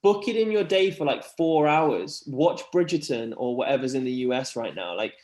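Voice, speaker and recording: A man's voice: medium pitch, animated, normal speed, a little mellow. A man chatting earnestly about mental health, rambling with lots of fillers. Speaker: podcast guest. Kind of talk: casual chat. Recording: roomy echo.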